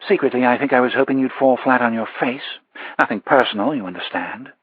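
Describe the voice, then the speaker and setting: A man's voice: mid-range voice, a little fast, breathy edge, no echo, phone-quality sound, close to an everyday voice. A man voicing a frank, blunt female colleague with a dry delivery.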